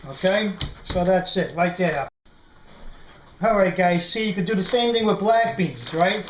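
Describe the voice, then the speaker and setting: A man's voice: sits high, a little slow. Casual New York male vlogger, chatty, keeps checking in with listeners, echoey room with faint hiss. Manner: chatty, says "right?" constantly, animated storyteller. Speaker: prepping video host. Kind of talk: casual how-to vlog.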